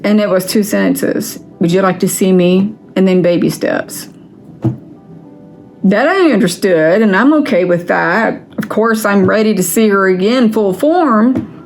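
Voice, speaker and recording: A woman ranting on her vlog, angry and frustrated, swearing as she vents. She speaks slowly and deliberately at a middle pitch, with faint music playing behind her. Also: lively intonation, a little mellow. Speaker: vlogger. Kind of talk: casual vlog rant.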